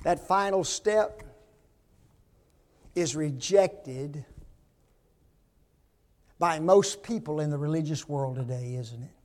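A man's voice: high-pitched, big pitch swings, takes it slowly, pauses often, darkish tone. A man in his sixties preaching a sermon, emphatic and full of rhetorical questions to his congregation.

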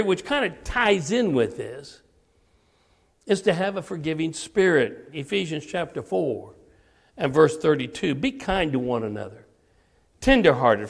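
Older man, sermon, gravelly voice, slightly high-pitched, earnest storytelling. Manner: earnest, storytelling preacher with rising emphasis. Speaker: preacher.

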